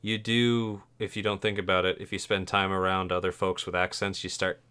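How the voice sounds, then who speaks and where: A man with a very low voice runs a tabletop game, describing scenes in a relaxed, rambling way. He pads his narration with fillers and easy chuckles. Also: brisk, clean tone. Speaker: game master.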